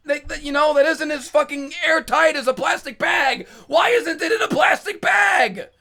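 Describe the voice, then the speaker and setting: A man vlogger telling a profane, exasperated story, often shouting, stumbling over restarts when flustered. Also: very high-pitched, vocal fry. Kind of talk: ranting storytime monologue.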